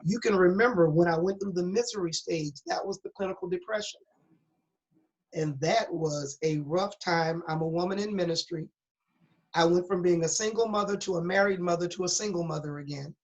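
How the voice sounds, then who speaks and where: A middle-aged woman, a pastor interviewed as a guest, briskly relates her own story in a darkish voice on the low side. Candid and earnest, she leans on a preacher's emphasis, heard through a dull lo-fi recording.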